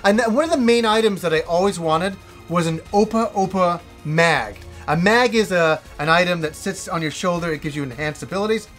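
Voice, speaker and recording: A man reviewing a video game as the host, telling old memories in an excitable, profane, animated way. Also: high voice, fairly quick, soft background music. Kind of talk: casual storytelling review.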